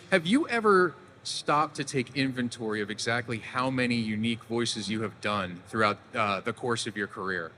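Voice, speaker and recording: A man moderates a live panel in a casual, slightly rambling way. His voice is bright, and long hall reverb and a faint hiss surround him. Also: medium pitch. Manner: casual, loosely organized questions. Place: large convention hall.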